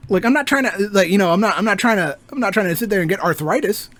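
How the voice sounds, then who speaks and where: High-voiced man ranting about games. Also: fast talker. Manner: animated, rambling, swears freely, laughs often. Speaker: game designer. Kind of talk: casual gaming rant.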